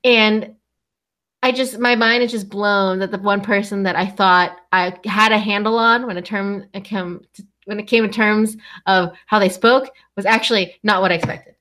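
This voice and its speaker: A woman's voice: medium pitch, fairly even intonation, moderate pace, fairly bright tone. A woman co-hosting a casual podcast, rambling and giggling through a rant, with lots of "like" and the odd swear word. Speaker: podcast co-host.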